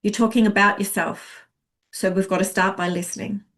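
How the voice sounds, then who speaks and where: A woman sales coach teaching a masterclass, chatty and expressive. She talks at an ordinary pitch and acts out little client voices as she goes. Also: normal speed.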